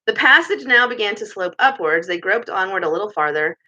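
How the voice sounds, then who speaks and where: A woman reading a children's novel aloud in a lively way, with chatty asides, in a muffled recording. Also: mid-range voice, a little fast. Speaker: storybook reader.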